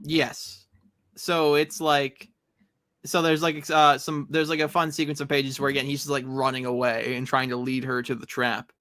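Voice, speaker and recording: A co-host in a casual comics chat, talking in a relaxed, halting way with "uh" and "um". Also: medium pitch, dry recording, clean studio sound.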